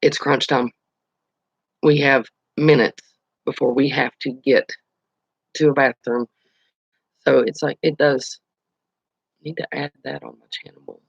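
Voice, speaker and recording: Creaky-voiced man chatting on a live stream. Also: mid-range voice, steady tone, measured pace, long pauses, dry recording, dull audio. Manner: chatty, storytelling, answers viewer comments. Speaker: channel host. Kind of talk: casual live-stream chat.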